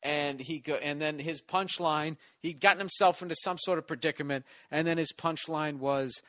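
Profane, rambling male comic with a bright voice. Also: fairly high pitch, fairly quick, hardly any pauses. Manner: rambling, swears a lot, restarts sentences. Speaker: stand-up comedian. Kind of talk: casual profane storytelling.

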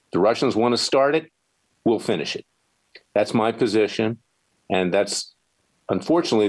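Deep-voiced combative male radio host. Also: low-quality recording. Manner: combative, emphatic. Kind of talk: opinionated talk radio monologue.

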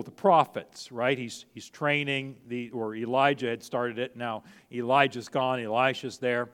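A man's voice: medium pitch, fairly bright tone, long reverb tail. A middle-aged male pastor preaching a sermon in a conversational way, often restarting phrases and acting out quoted speech.

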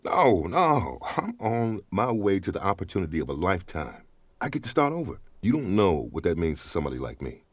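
A chatty, wry father down on his luck, cracking jokes as he goes. His voice sits very low but swings widely in pitch, recorded close and dry. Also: big pitch swings, fairly quick, breathy edge, no room sound, heavily acted. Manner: wisecracking, talkative, laughs often. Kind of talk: radio drama acting.

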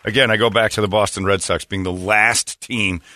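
A morning radio host rants and mocks in casual banter, brash and slipping into put-on voices. His fairly low voice is bright and forceful, with fairly even intonation at normal speed. It was recorded on a studio microphone with dry studio sound.

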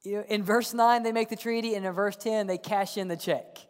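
A male pastor delivers a sermon in a church, swinging between loud emphatic calls and hushed near-whispers. He repeats words as he presses each point home. His voice rings through a long, echoing church hall. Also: sits high, fairly even intonation, a little fast, smooth.

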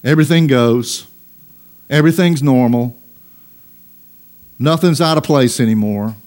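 A man preaching a sermon as pastor, reading scripture aloud and pressing his points with emphatic, drawn-out lines. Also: mid-range voice, a little mellow. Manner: reads scripture aloud in old-fashioned wording.

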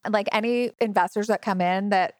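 A woman's voice: mid-range voice, steady tone, normal speed, a little mellow, no room sound. Middle-aged woman founder telling stories, chatty, lots of "like" and "you know", dry close mic. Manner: chatty storyteller, many "like" and "you know" fillers, acts out quoted voices. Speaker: company founder. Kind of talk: interview conversation.

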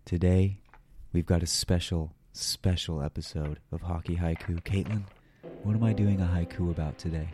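A man with a low, dark voice hosts a casual podcast, joking and playful. He hypes each segment with easy enthusiasm. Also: steady tone, moderate pace, soft background music. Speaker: podcast co-host. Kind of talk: casual chat.

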